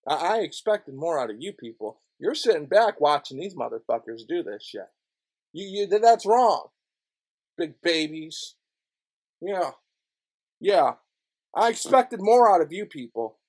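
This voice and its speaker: A man ranting angrily into the camera, swearing constantly and swinging between low mutters and loud outbursts. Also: sing-song, measured pace, long pauses. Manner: profane, swings from mutters to shouts. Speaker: video blogger. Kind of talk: angry ranting monologue.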